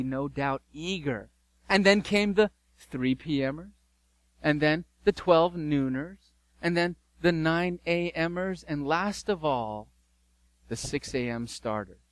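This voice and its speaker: Slow, emphatic male preacher. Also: fairly high pitch, a bit bright, no room sound, rough recording. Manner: emphatic, dramatic pauses, storytelling. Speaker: pastor. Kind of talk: sermon.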